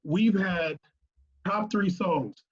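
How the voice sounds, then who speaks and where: A man with a high voice chats casually as a podcast co-host. He laughs often and rattles off lists of picks. The sound is a little muffled. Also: very slow. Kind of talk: casual chat.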